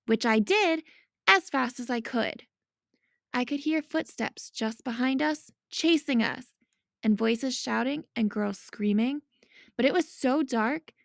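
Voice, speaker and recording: Woman reading a novel aloud, gravelly, dry sound. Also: fairly high pitch, dry recording. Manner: lively storytelling. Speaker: reader.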